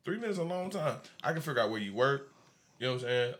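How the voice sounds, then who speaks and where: A man with a middle-pitched voice chats bluntly and easily on a podcast, often breaking into laughter. His delivery stays relaxed and sure of itself. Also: fast talker, a little hiss or hum. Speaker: podcast guest. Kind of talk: casual podcast chat.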